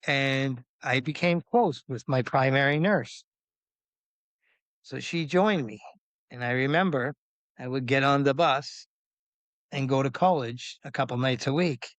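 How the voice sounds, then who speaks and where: A man in his fifties telling his story as a podcast guest, animated, acting out quoted voices with big jumps in pitch and swearing freely. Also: unhurried, long pauses, dry recording. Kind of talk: candid storytelling interview.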